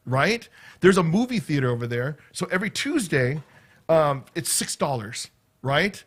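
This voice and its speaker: On the high side and animated, this middle-aged vlogger talks at normal speed as he rambles casually to his viewers. His stories run into each other, punctuated by frequent "right?" and "okay?" asides.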